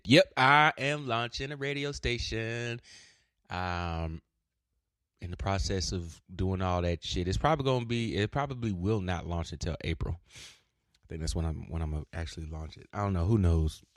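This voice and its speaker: A man hosting his own podcast, rambling in a casual monologue, cursing freely and breaking into sudden shouts. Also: low-pitched, normal speed, dry recording, studio quality. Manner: profane, loud swings and sudden shouts. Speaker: podcast host.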